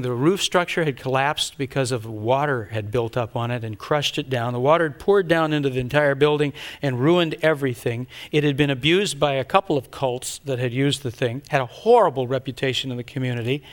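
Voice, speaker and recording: An older pastor with a medium-pitched voice tells a story during a sermon, delivering it in an animated, dramatic way punctuated by sudden loud outbursts.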